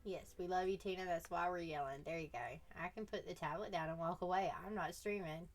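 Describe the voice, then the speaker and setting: A woman's voice: fairly low pitch, fairly even intonation, brisk. A woman casually chatting with her viewers on a live stream, teasing them playfully and laughing often.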